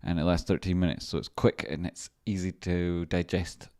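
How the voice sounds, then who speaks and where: Low-voiced mumbling Scottish man. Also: level tone, moderate pace, darkish tone, dry recording, clean studio sound. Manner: mumbling, muttering to himself while working. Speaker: livestreamer and stock chart analyst. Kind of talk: casual live-stream chatter.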